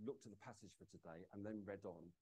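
A man's voice: lowish voice, fast, dark tone, husky. A man, giving an informal sermon in a chatty storytelling manner. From East London, England. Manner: chatty, storytelling, many fillers. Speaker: preacher.

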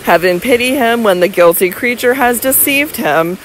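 A woman's voice: fairly high pitch, expressive, moderate pace, slight background noise, rough recording. A woman narrating a Victorian novel as an audiobook, reading with impassioned, dramatic delivery. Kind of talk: scripted narration.

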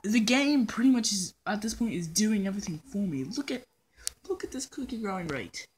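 A woman's voice: medium pitch, expressive, brisk, a little mellow, a little hiss or hum. A woman hosting a casual game commentary in a put-on British accent, rambling playfully and poking fun at herself. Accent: put-on British persona. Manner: playful, rambling, self-mocking, drifts into hummed nonsense. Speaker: gaming channel host. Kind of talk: casual let's-play commentary. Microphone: phone recording.

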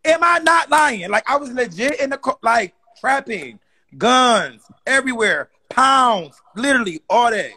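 Young man, very high voice, husky and creaky, exasperated profane rant, lively pitch. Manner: exasperated, profane, rapid ranting. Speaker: comedy creator.

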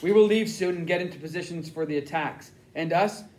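A man voicing a middle-aged German spy who speaks quietly in stiff, formal phrases. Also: fairly high pitch, a little fast, lightly acted. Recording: roomy echo.

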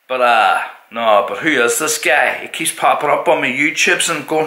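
A man with a Northern Irish accent giving a sweary, mocking comedic vlog rant that jumps into shrill outbursts. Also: moderate pace, hardly any pauses, sharp tone. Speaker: comedy YouTuber. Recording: roomy echo.

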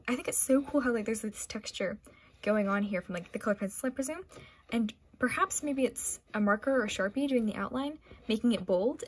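A woman's voice: fairly high pitch, slight background noise. A young woman vlogger gushing over art prints she is unboxing, with gasps, squeals and sudden whispers. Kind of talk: excited unboxing commentary.

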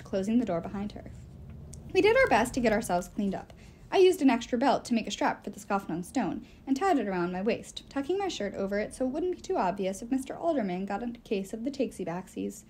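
A woman reading a novel aloud as the first-person narrator, in an expressive storytelling way. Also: medium pitch. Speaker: audiobook reader.

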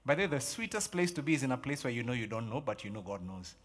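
Emphatic pastor in a reverberant hall. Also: male voice, mid-range voice, rapid-fire, a little hiss or hum. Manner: emphatic, repeats key phrases, animated storytelling. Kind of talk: sermon. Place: large church hall. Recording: long church hall reverb.

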